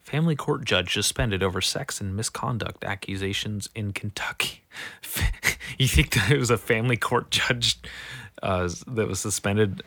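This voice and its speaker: A man who is sick, reading news headlines aloud in a casual, foul-mouthed way, swinging from mumbling to shouting. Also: lowish voice, normal speed, no room sound. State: sick, voice going rough. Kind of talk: casual profane commentary.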